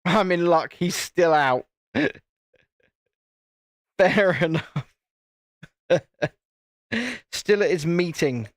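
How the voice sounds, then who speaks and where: A man's voice: a little high, drawn-out words, long pauses, no room sound, studio quality. A British man hosting a live stream, chatting casually in a rambling way and often restarting his sentences. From United Kingdom. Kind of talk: casual live-stream chat while building.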